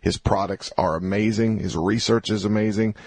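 Gravelly-voiced male talk radio host. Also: fairly low pitch, steady tone, darkish tone, no echo. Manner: emphatic, repeats phrases, slows to stress words.

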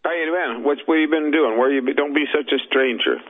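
A man calling in as a guest on a talk radio show, talking in a lively, joking and rambling way. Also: on the high side, fairly quick. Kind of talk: casual chat on talk radio. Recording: tinny phone line.

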